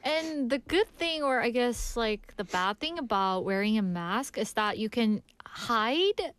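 A woman hosting a podcast in casual chat, often cheering on her co-host with quick agreements. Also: on the high side, lively intonation, a bit bright, clean tone. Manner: encouraging listener, frequent "uh-huh" backchannels.

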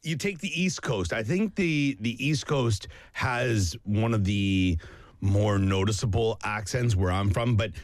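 A man's voice: lowish voice, measured pace, no echo, clean studio sound. A man from Canada with a New Brunswick accent, chatting casually and laughing often. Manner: animated, laughs often, speaks in rambling bursts. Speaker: English teacher. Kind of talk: casual chat.

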